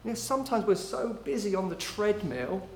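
A man preaching a sermon in an emphatic way, slowing down on key phrases and dropping low and quiet when he quotes. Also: big pitch swings, a little hiss or hum. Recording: roomy echo.

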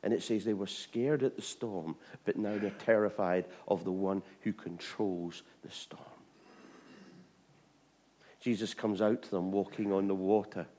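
A man preaching an informal sermon, chatty with repeated asides, swinging from bright emphasis to hushed tones. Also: lowish voice, steady tone, measured pace, slight background noise. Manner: chatty, with frequent "you know what I mean" and restarts.

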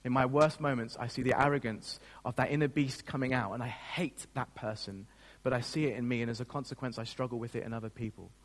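A man's voice: medium pitch, steady tone, fast talker, in a large hall. A man preaching a sermon as a pastor, speaking in an earnest, emotional way with frequent restarts.

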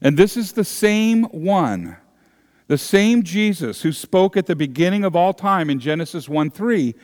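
Slow-preaching male pastor in a reverberant church. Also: sits high. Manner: earnest preaching, rising to animated emphasis. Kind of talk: sermon. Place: large church sanctuary.

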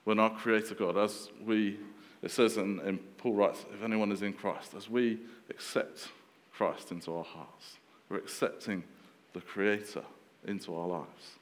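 Low-voiced man preaching in an echoey hall. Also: steady tone, unhurried, hardly any pauses. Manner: conversational, many fillers and restarts. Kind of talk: sermon.

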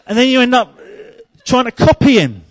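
A man preaching a sermon, telling humorous stories and growing loud and emphatic. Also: very high-pitched, very animated, moderate pace, no echo.

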